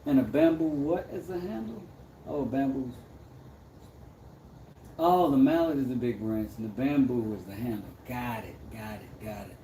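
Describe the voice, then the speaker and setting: A laid-back man with a drawl talks casually to his livestream chat. His voice is mellow and dark. It echoes around a workshop, with a faint hum of ambient noise behind it. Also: medium pitch, normal speed. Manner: laid-back, chatty, reads viewer comments aloud, drops to mumbles. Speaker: livestream host making mallets.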